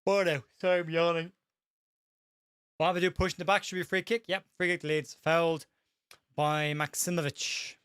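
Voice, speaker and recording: Fast-talking Irish man calling a match. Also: on the high side, level tone, a bit bright, smooth, no echo, studio quality. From Ireland. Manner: fast-talking, stumbles over names. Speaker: host. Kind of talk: live match watch-along commentary.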